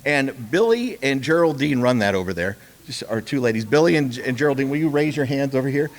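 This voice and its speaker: A man's voice: mid-range voice, animated, brisk. A man, a ministry's partnership director, giving a folksy, storytelling speech at a charity event, with many restarts.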